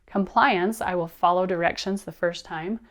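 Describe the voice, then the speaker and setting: A woman in her thirties giving an animated lecture to teachers, telling a personal story with expressive delivery. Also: lowish voice, moderate pace. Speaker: teacher trainer.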